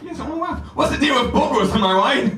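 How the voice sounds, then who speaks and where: Male comic playing a cheeky four-year-old stand-up kid, odd voice, lively pitch, heard from a distance. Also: brisk. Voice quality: odd kid voice that weirds people out. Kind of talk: stand-up comedy character bit. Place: comedy club stage. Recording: roomy club, distant mic, crowd laughter.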